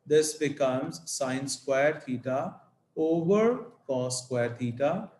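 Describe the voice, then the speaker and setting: A man teaching maths, working through each step slowly and stopping to ask "okay?". His voice sits at an ordinary middle pitch. The room around him has a noticeable echo. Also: a little mellow. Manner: slow, deliberate explanation with frequent "okay?" checks. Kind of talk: whiteboard maths lesson.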